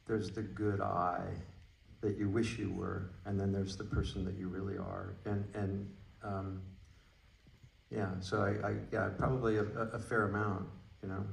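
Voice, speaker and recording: A man answering as a guest at a film Q&A, halting and searching for his words. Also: low voice, level tone, creaky, slight background noise. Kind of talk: post-screening Q&A. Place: movie theater stage. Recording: roomy, distant theater audio.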